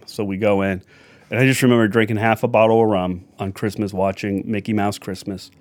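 A man's voice: on the low side, steady tone, fairly quick, dry recording. A man telling a family anecdote in a chatty, wry way with side remarks. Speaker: storyteller. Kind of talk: anecdotal storytelling.

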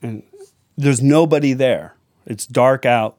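A man's voice: lowish voice, moderate pace, no echo, clean studio sound. A man telling a family anecdote in a chatty, wry way with side remarks. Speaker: storyteller. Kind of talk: anecdotal storytelling.

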